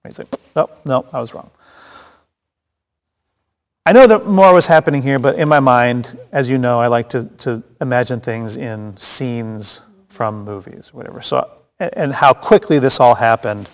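A man's voice: mid-range voice, moderate pace. A man teaching a casual Bible study, chatty and joking, with frequent restarts and asides. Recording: long hall reverb.

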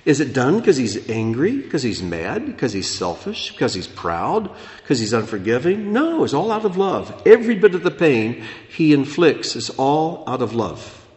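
A man preaching a sermon as pastor, dropping low and soft, then rising loud and animated. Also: normal speed, hardly any pauses. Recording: echoey hall.

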